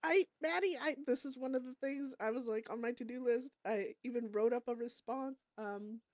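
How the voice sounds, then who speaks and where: A woman's voice: fairly high pitch, moderate pace, darkish tone, no echo. A woman streaming a roleplay game, chatting casually, laughing often and swearing as she reads in-game letters aloud.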